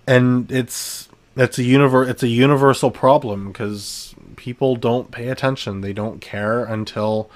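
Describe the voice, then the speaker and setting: A man's voice: medium pitch, steady tone, unhurried, hardly any pauses. A young man from Canada hosting his own podcast, ranting bluntly with heavy swearing and frequent restarts. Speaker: podcast host. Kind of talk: solo podcast rant.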